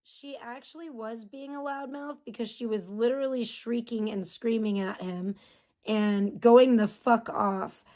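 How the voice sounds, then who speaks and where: A woman's voice: a little high, fairly even intonation, unhurried, a little mellow. Blunt mocking woman streamer. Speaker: streamer reacting to clips. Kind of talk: casual livestream commentary.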